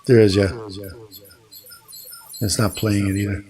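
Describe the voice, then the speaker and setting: A man hosting a casual talk show, speaking haltingly and searching for words, in a small studio room. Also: on the low side, little pitch movement, dark tone. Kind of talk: casual podcast chat.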